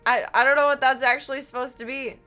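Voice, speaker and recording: A woman's voice: high voice, fairly even intonation, fast talker, sharp tone, faint music behind. A young woman live-streaming, chatting casually with a giggly, rambling, self-deprecating manner.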